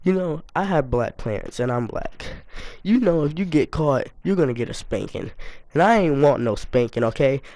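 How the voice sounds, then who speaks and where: A man's voice: fairly high pitch, normal speed, dry recording. Dry-miked young man telling a story. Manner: animated, self-mocking, slangy. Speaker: storytime YouTuber. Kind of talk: casual storytelling.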